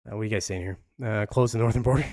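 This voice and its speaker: Casual, profane podcast host. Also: male voice, lowish voice, racing, darkish tone, dry recording, studio quality. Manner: casual, profane, rambling, with frequent laughs. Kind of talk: live podcast commentary.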